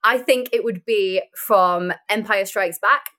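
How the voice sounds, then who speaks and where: A young woman talks casually as a guest on a film chat show. She tells stories in an animated, chatty way and laughs often. Her voice sits in a middle pitch. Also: slow pace. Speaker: actress and podcast guest.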